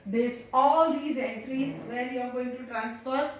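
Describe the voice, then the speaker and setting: A woman teacher with an Indian English accent walking a class through accounts step by step, often pausing with "uh" and "okay". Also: high voice, fairly even intonation. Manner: explains step by step, addresses children, frequent "uh" and "okay". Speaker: commerce teacher. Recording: echoey room, far from the mic.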